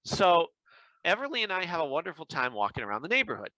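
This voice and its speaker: A man's voice: on the high side, fast, dry recording, poor audio. A man co-hosting a podcast, telling casual stories and acting out what people said. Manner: animated anecdote-telling with acted-out quotes. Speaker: podcast co-host. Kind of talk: casual chat, storytelling.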